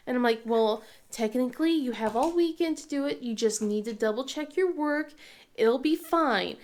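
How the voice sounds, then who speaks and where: A woman's voice: on the high side, normal speed. A woman in her thirties chatting casually about her family in a rambling way, with many ums and frequent laughs. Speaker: craft vlogger and mother. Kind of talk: casual chat.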